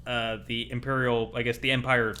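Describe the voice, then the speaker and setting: A man's voice: medium pitch, little pitch movement, moderate pace, pushed and bright, slight background noise. A man co-hosting a gaming podcast, talking casually and rambling with many fillers. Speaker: podcast co-host.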